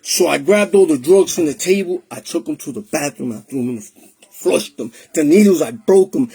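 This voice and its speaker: A man recounts his own testimony in a high, husky voice. He talks in a streetwise, emotional way and slips Spanish phrases into his English. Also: lively intonation, moderate pace, mellow. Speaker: testimony speaker. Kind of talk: personal testimony storytelling.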